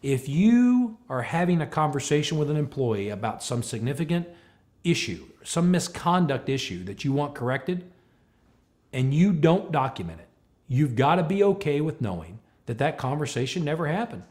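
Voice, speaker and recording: A man giving a talk on leadership, telling a story with lively, animated delivery and acting out both sides of a conversation. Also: on the high side, moderate pace. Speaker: speaker on leadership.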